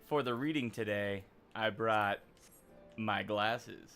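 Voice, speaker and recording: A man's voice: on the low side, takes it slowly, fairly bright tone, soft background music. Chatty, joking male streamer. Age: adult. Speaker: game streamer. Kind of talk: casual gaming chat.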